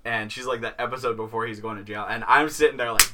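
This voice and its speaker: A man's voice: medium pitch, steady tone, quick pace, background noise. A man co-hosting a podcast, chatting casually about a TV series with laid-back reactions. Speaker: podcast co-host. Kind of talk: casual chat about TV shows.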